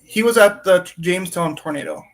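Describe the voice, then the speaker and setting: A man's voice: sits high, fairly quick, a crowd in the background. A man in casual chat, offhandedly passing along local news.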